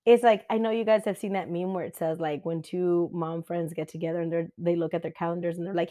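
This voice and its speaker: A woman in her thirties, a mother, giving a casual chatty life update and telling stories with quick quoted asides. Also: mid-range voice, warm tone. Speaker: vlogger.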